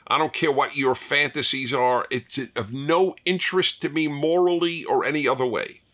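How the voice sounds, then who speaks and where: A man's voice: on the high side, moderate pace, a bit bright. An older man hosting a fireside chat, talking emphatically and repeating points for stress. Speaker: host.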